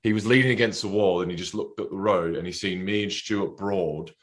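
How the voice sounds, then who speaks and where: A man's voice: sits low, fairly even intonation, fairly quick. A man, a guest cricketer, telling a rambling, giggly story in casual chat.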